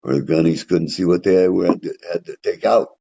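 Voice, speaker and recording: Very deep gravelly older man. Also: brisk. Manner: plainspoken, rambling, dark humor. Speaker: veteran telling his story. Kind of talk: casual storytelling. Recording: dull lo-fi recording.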